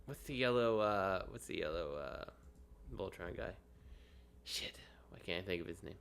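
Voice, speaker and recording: A man's voice: deep voice, animated, moderate pace, vocal fry, fairly bright tone, smooth. A man co-hosting a podcast, chatting in a laid-back way with short agreeing interjections. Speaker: podcast co-host. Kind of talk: casual podcast banter.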